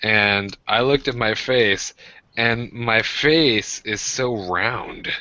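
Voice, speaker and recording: A man's voice: medium pitch, slow, bright, forceful tone, no room sound, dull audio. A young man co-hosting a podcast in casual rambling chat, profane and self-mocking as he tells jokey stories. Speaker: podcast co-host.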